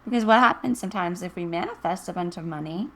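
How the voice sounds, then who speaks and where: A woman's voice: on the low side, fast. A woman giving a casual, encouraging tarot reading to camera, chatting and thinking aloud as she goes. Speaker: tarot reader.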